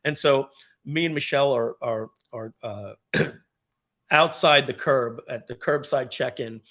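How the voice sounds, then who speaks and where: A man giving a storytelling speech at a company event, animated and profane, with frequent throat clearing. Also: mid-range voice, unhurried. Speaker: speaker at a company party.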